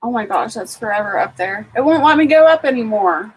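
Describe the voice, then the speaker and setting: Ohio lady rambling on her livestream, kinda high voice, lots of ums and likes. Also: expressive, a little fast, a little mellow, slightly rough, poor audio. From Ohio, USA. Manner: rambling, chatty, many fillers, greets viewers. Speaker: homesteading livestream host. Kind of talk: casual livestream chat.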